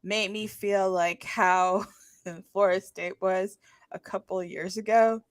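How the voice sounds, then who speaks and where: Woman podcaster, southern-midwestern mix accent, animated, acts out quotes, dry close sound. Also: medium pitch, a little slow, dry recording. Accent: mixed Southern and Midwestern American. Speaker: podcast co-host. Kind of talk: casual chat.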